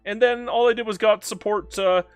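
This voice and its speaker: A man's voice: high-pitched, steady tone, moderate pace, clear, resonant tone, no room sound, soft background music. A man giving casual, joking commentary while playing a strategy game, talking back to the game. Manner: playful, joking, talks to the game.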